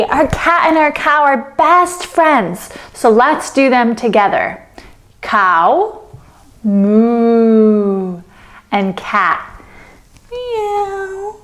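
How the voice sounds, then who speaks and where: A woman leading a children's yoga story, giving slow, soothing instructions with playful animal sounds. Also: high-pitched. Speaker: kids yoga teacher.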